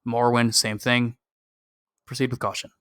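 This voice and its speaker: Bright, clear-voiced man on a podcast. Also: medium pitch, level tone, normal speed, no echo, studio quality. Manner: frequent "um" fillers, cautious and opinionated. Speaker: podcast co-host. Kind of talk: casual podcast discussion.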